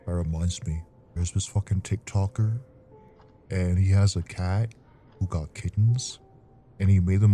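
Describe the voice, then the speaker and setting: A man's voice: low voice, warm tone. A man streaming a game who chats casually, swears and giggles at his own stories.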